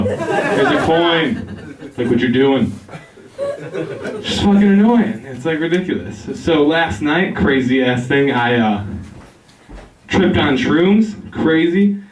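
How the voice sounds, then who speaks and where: Young male comic, giggly and laid-back, heard from a distance in an echoey room. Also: medium pitch. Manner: laid-back, rambling, giggles at his own jokes. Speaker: stand-up comedian. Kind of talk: stand-up routine. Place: barber shop.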